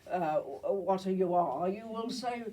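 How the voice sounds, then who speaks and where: An older woman from Germany gives a slide talk to an audience, with a husky, slightly breathy voice and the thickness of a cold. She speaks in a chatty way and often checks in with her listeners. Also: fairly low pitch, animated, measured pace, dark tone, far from the mic, low-quality recording. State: has a cold. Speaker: Holocaust survivor speaker.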